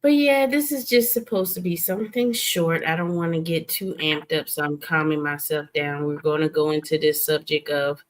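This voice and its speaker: A woman's voice: deep voice, normal speed, few pauses. A woman hosting a late-night stream, talking casually and getting emphatic as she tells stories. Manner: animated, emphatic storytelling. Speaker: streamer host. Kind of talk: casual chat. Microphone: streaming setup.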